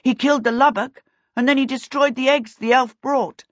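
A woman's voice: a little high, normal speed, dry recording, pitched above the performer's own voice, lightly acted. A woman voicing a cheerful young boy who answers promptly and eagerly. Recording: dull lo-fi recording.

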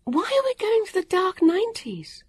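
A storyteller voicing an excitable young girl who travels through time, high and anxious. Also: moderate pace. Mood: puzzled.

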